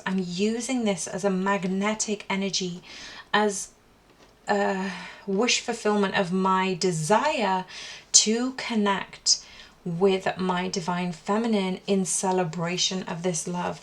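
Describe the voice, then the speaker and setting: Woman doing a tarot reading, calm and earnest, faint card shuffling behind. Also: medium pitch, background noise. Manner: calm, earnest spiritual tone, asking Spirit questions aloud. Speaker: tarot reader.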